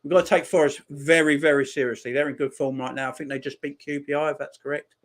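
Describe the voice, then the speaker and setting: A man's voice: a little high, steady tone, fast. Man hosting a football watchalong. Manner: reads viewer messages and gives warm shout-outs; rambling, repeats phrases. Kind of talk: casual live-stream chat.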